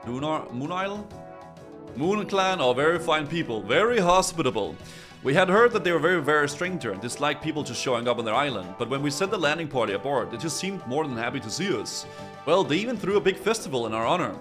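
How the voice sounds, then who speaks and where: A smug pirate captain from a fantasy game talks down to a guest in a pompous, condescending way, as a man reads his lines. The voice sits fairly high and swings widely in pitch. Faint music plays underneath. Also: expressive, quick pace, lightly acted. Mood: boastful.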